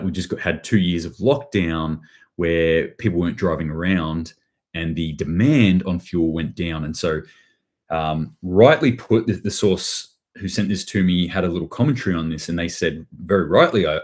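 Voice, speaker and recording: A man's voice: deep voice, normal speed, darkish tone. A man hosting a rambling, sardonic live news commentary, often restarting his phrases as he reads chat. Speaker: host.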